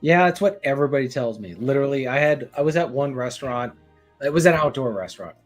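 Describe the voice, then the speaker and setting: Man, animated pitch, easygoing guest, faint music in background. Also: quick pace. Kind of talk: casual chat.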